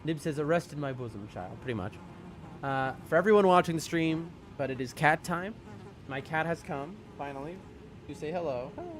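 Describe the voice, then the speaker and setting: A man's voice: a little high, normal speed, background noise. A young man streaming a video game, joking casually and talking to his chat. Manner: joking, chatty, addresses chat. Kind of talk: casual live-stream commentary.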